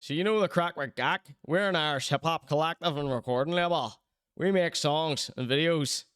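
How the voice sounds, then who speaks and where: A man putting on a Ballymena accent to read out a label owner's blurb in an upbeat, slowed, sing-song way. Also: fairly high pitch, fairly bright tone, clean tone, close to an everyday voice. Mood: upbeat pitch. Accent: put-on Ballymena. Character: small-town Ballymena label owner reading his own blurb.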